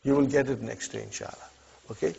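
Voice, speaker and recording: This is a classroom lesson in Arabic from a man with a medium-pitched, gravelly, warm voice that has a breathy edge. He talks briskly, leading students through example sentences and regularly checking understanding with "huh?" and "okay?" in a patient, encouraging way. The recording is dull and lo-fi.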